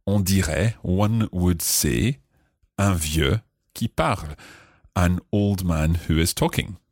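Male language tutor, deep husky voice, dry close mic, patient explainer. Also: darkish tone, no echo. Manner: explains slowly, repeats phrases, chuckles often. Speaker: co-host of a French learning podcast. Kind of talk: relaxed teaching chat.

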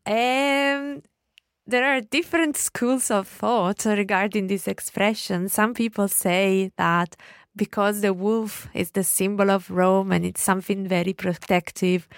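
A native Italian woman co-hosting a language lesson, explaining phrases in a relaxed way. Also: mid-range voice, a little slow, smooth, no echo, studio quality. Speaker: native-speaker co-host.

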